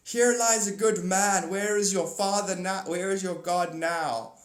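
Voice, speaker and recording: A man acting out a grief-crazed young man who storms a funeral, speaking in slow, theatrical declamation. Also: high-pitched, fairly even intonation, roomy sound, voice pushed up. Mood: melodramatic.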